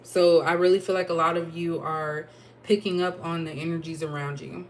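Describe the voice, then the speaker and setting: Woman tarot reader, lowish voice, casual and rambling, faint background noise. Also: fairly even intonation, moderate pace. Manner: chatty, thinking aloud with fillers and asides. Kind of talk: casual tarot reading to camera.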